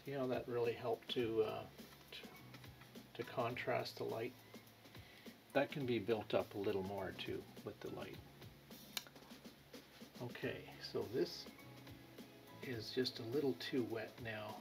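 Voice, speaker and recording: A man giving an unhurried painting lesson, thinking aloud as he works, with pauses. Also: medium pitch, steady tone, gravelly. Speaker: painting instructor. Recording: music playing behind.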